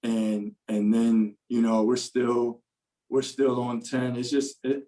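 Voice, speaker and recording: A man's voice: mid-range voice, monotone, slow, dark tone, rough recording. A man telling an earnest personal testimony as a podcast guest, with many fillers and restarts.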